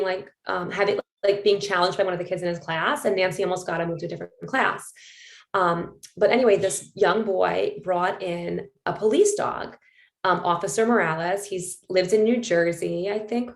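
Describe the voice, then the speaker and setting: A woman's voice: lowish voice, gravelly. Chatty woman host in a roomy room. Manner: chatty, many fillers like "like" and "um". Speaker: podcast host. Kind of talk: casual conversation, storytelling. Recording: roomy echo.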